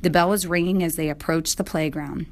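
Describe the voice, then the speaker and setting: Low-voiced woman reading a story. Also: steady tone, fairly quick. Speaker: narrator.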